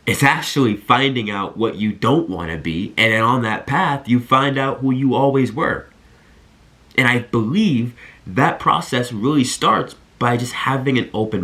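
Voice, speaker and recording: A man in his twenties talking to camera, giving earnest and animated college advice and telling stories straight to his viewers. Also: mid-range voice. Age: 20s. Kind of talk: energetic talk to camera.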